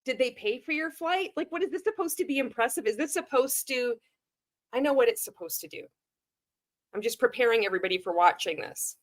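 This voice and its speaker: A woman's voice: fairly high pitch, animated, fairly quick. A woman giving sarcastic reaction commentary on a video clip. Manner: sarcastic, laughing, profane. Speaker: commentary vlogger.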